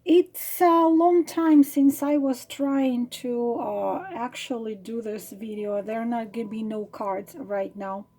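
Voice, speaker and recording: A woman psychic tarot reader softly telling a spiritual story to her viewers, with hesitant fillers and repeated words. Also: on the high side, slow, few pauses. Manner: soft, hesitant, many fillers and repetitions.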